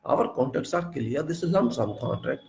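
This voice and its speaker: A man's voice: medium pitch, lively intonation, normal speed, darkish tone, slight background noise, rough recording. A man with an Indian English accent, a civil engineer giving an informal lecture, emphatic and argumentative, firing off rhetorical questions.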